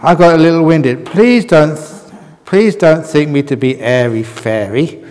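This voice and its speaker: A man's voice: on the high side, measured pace, darkish tone, long reverb tail, slight background noise, lightly acted. A man voicing a cool, sniffy Breath. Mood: cool, airy. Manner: airy, sniffy, unbothered. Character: cool, witty, aloof personified breath.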